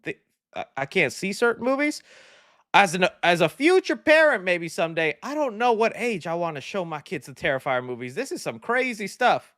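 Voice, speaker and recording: A young man chats through viewer comments on a live movie stream, laughing easily and swinging his pitch around as he gets excited. His voice sits high for a man. The sound is dry and close, with no room around it. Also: no room sound. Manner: excitable, laughs often, animated shifts in pitch. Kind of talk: casual live-stream chat reading comments.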